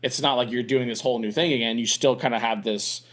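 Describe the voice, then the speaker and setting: Rambling young dad chatting on a podcast. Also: male voice, medium pitch, steady tone, fast talker, a bit bright. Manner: rambling, many restarts and fillers. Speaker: podcast co-host. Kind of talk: casual podcast chat.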